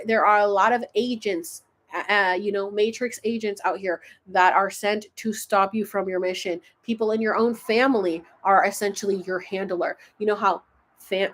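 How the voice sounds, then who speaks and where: A woman hosting a casual spiritual livestream, chatting and rambling, often losing her thread. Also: mid-range voice.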